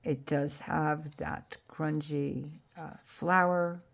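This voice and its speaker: Low, gravelly woman gushing over crafts. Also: slow pace. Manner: gushing, excitable, talks to viewers while handling crafts; self-deprecating, apologetic asides. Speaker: crafting channel host. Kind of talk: casual crafting vlog chat.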